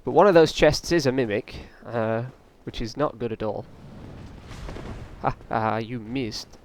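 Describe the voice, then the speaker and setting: A man's voice: medium pitch, moderate pace, slight background noise. A man doing casual, rambling let's play commentary, often taunting the enemies on screen. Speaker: gaming channel host.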